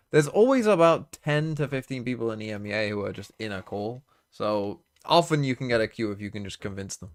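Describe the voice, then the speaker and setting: A man streaming an esports watch party in loose, casual chat. His pitch sits in a middle range, and he rambles between thoughts, swearing freely and getting worked up. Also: clear, resonant tone, no echo, studio quality. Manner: excitable, swears often, rambling.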